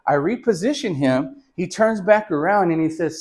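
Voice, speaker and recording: A man's voice: high voice, lively intonation, normal speed. Casual, chatty male radiography teacher. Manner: casual, talks to students as "you guys"; gives patient instructions loudly. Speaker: radiography instructor. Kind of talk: hands-on teaching demonstration and storytelling.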